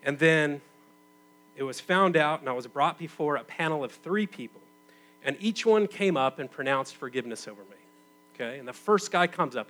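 A man in his thirties preaching a sermon as a pastor, conversational, moving from loud emphatic bursts to quiet, intimate stretches. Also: fairly high pitch, a little hiss or hum, rough recording.

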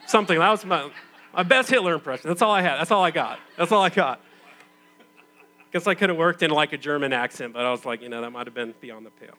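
A man in his thirties preaching a sermon as a pastor, conversational, moving from loud emphatic bursts to quiet, intimate stretches. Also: fairly high pitch, quick pace, low-quality recording.

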